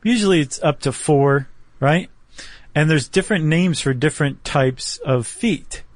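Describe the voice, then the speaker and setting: A man's voice: a little high, a little slow, dry recording. A man co-hosting a podcast, explaining things step by step in a chatty, self-deprecating way. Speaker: podcast co-host. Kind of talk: casual explanatory chat.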